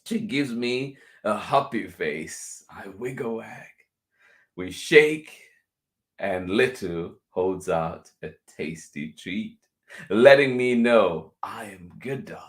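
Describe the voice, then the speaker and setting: A man reading a picture book aloud for children, going over each passage twice in a gentle way and chuckling softly between lines. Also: on the low side, animated, takes it slowly. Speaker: children's storyteller.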